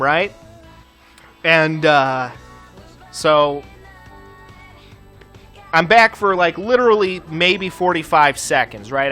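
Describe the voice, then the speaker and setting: A man's voice: a little high, bright, forceful tone. A man hosting a gaming channel, telling a story in a profane, ranting way while playing. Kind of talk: casual chat while playing a game.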